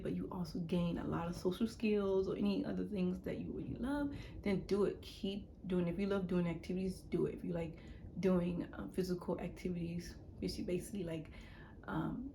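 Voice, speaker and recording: A woman's voice: fairly low pitch, a little mellow, slight background noise. A young adult woman talking casually to camera in a rambling self-help monologue, repeating words and sometimes dropping to a whisper. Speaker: YouTuber.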